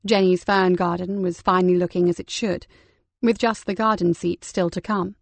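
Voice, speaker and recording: Female audiobook narrator, calm and even, gravelly voice, very dry close sound. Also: lowish voice, normal speed, no echo. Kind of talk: scripted crime novel narration.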